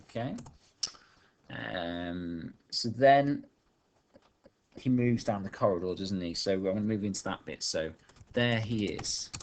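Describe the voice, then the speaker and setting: A male teacher thinking aloud as he writes a story, dictating sentences slowly while typing. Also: lowish voice, a little mellow. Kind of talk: online writing lesson while typing.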